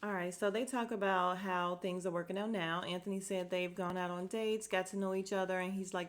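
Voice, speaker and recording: Blunt, animated woman recapping a show. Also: fairly low pitch, brisk. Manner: animated, blunt, laughing asides. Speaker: podcast host. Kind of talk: casual recap chat.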